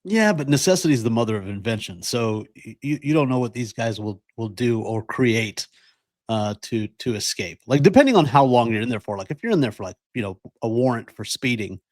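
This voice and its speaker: A man chatting on a podcast in a middle-pitched voice, joking and laughing between points. The sound is dry and close, with no room around it. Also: expressive, darkish tone, no room sound. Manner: joking, laughs a lot, acts out quick quoted voices. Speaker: podcast co-host. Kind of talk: casual podcast chat.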